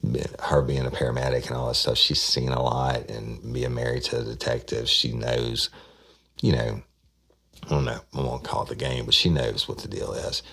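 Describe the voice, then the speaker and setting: Gravelly deep-voiced man. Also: level tone, normal speed, pushed and bright. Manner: rambling, repeats words, acts out quotes. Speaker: podcast host recounting a case. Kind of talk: casual true-crime storytelling.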